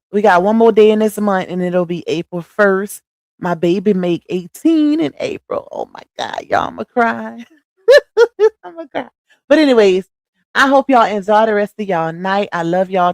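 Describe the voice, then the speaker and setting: A middle-aged woman hosting a casual livestream, preachy and animated, talking in a slangy, familiar way to her viewers. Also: medium pitch, moderate pace, dry recording. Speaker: livestream host. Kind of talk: casual live-stream chat.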